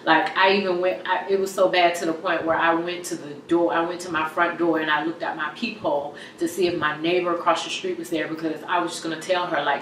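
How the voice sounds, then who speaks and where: A woman giving an emotional personal testimony in an interview, halting and tearful, her voice dropping very soft at times. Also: on the low side, flat delivery. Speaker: interview guest. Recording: roomy echo from far off, faint hum.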